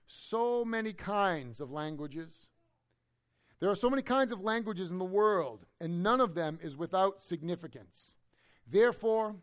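High-voiced, animated pastor preaching. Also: male voice. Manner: animated, emphatic preaching with humorous asides; swings from loud emphasis to low, quiet asides. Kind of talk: expository sermon.

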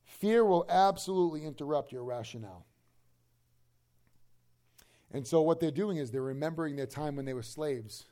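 A man preaching a sermon in a conversational, animated way, slipping into quick acted asides. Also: fairly high pitch.

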